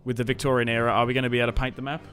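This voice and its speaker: A man's voice: mid-range voice, little pitch movement, racing, a bit bright, soft background music. Easygoing young Australian man, chatty. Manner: rambling and easygoing, with many fillers and restarts. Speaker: streamer. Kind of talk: casual livestream chat while playing a strategy game.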